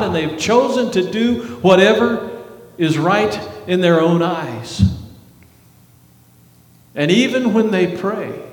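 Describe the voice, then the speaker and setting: A man preaching a sermon as pastor, earnest, with rising emphasis and dramatic drops in voice. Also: high-pitched. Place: church sanctuary. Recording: echoey hall reverb.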